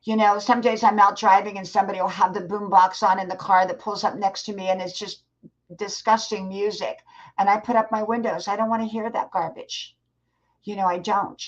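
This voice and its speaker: An older woman speaks to her live-stream viewers with earnest, advising warmth, her voice sitting at an ordinary middle pitch. She talks straight to the chat. The audio is dull and lo-fi, like stream sound. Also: little pitch movement, brisk. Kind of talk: motivational live stream talk.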